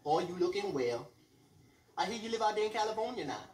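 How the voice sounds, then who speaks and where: A man's voice: high-pitched, sing-song, fairly quick, darkish tone. A man voicing a fussy, doting old grandmother who drags out her words sweetly and insistently. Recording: roomy club sound from far off.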